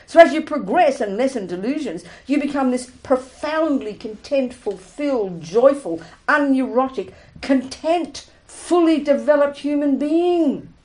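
A woman's voice: sits high, expressive, unhurried, hardly any pauses, a little mellow, rough recording. Emphatic woman teaching Buddhism. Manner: emphatic, repetitive, frank, laughs often. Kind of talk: dharma talk to students.

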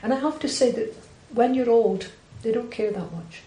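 A Scottish woman who is a Buddhist nun, telling a personal story in conversation with direct, animated delivery that acts out quoted dialogue. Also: on the high side, moderate pace, roomy sound, low-quality recording.

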